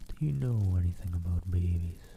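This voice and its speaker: A man's voice: low-pitched, normal speed, creaky, slight background noise. A man voicing a tired, grumbling male dragon who is minding a baby, in a whispered role-play. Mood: weary. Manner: soft, hushed and plaintive.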